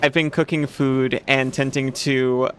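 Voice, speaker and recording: A man's voice: mid-range voice, flat delivery, unhurried, fairly bright tone, slight background noise. A man chatting casually while playing a game as a streamer, often restarting and trailing off mid-phrase. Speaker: gaming streamer.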